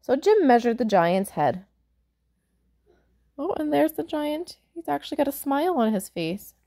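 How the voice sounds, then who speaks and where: A woman reading a picture book aloud for children, pausing to explain words and point out pictures. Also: sits high, big pitch swings, vocal fry. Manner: warm, explaining asides to young listeners. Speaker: storyteller.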